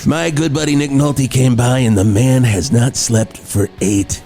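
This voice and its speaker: A man's voice: medium pitch, fairly even intonation, a little slow, gravelly, dark tone, faint music behind. A man playing a cheesy morning rock radio host who rambles through his show patter. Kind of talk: improvised comedy.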